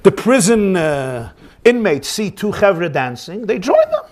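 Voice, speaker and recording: A man with a high voice, telling a story as a rabbi. He narrates in a lively, animated way, and he raises his voice steeply when he acts out the lines of the people in the story. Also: a little slow. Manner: animated storyteller, voice rising high in acted quotes, Yiddish phrases. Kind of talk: storytelling sermon.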